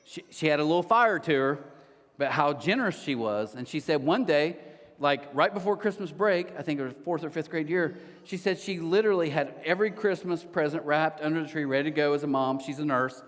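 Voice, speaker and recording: Male pastor, conversational sermon delivery, expressive and high-ish, big room reverb. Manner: conversational, animated storytelling with quick restarts. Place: church auditorium. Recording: church hall reverb.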